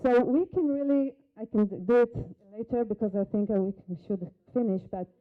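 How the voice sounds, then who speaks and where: A woman's voice: on the high side, fairly quick, narrow, tinny audio. A woman whose first language is Hebrew leads a live workshop demonstration. She coaches a volunteer with short instructions and questions. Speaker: workshop facilitator. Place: conference hall.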